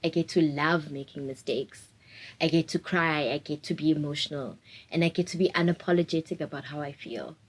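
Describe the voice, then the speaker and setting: Young woman in her 20s, open and reflective, laughs a lot, lowish voice. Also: steady tone, a little fast, breathy edge, poor audio. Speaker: interviewee. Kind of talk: candid personal interview.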